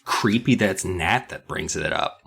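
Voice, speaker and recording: A man's voice: deep voice, a little slow, creaky, fairly bright tone. A man co-hosting a podcast, recapping a book with rambling, joking asides. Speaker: podcast co-host. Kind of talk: casual comedic book recap.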